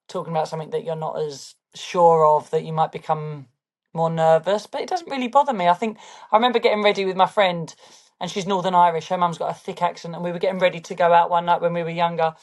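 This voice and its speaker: A woman with a London accent, chatting casually as an interview guest and often asking "do you know what I mean". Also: lowish voice. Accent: London English. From London, England. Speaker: guest, fashion brand founder.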